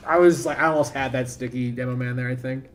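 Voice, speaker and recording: A man with a mid-range, fairly even voice speaks at normal speed, with a little hiss or hum on the recording. He's streaming a shooter game and commentating casually as he plays, rambling, joking at his own expense, and talking over the action.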